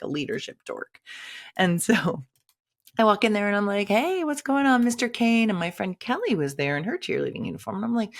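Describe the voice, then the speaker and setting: A woman's voice: low voice, vocal fry. A woman telling a personal story in a candid, conversational way, acting out quoted lines dramatically. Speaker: shaman and teacher.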